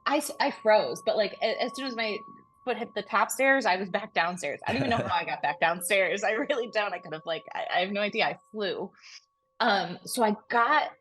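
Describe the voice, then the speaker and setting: A woman co-hosting a podcast, retelling a frightening personal experience in a lively, breathless way, full of fillers and laughs. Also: mid-range voice, a little hiss or hum. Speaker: podcast co-host. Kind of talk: casual storytelling.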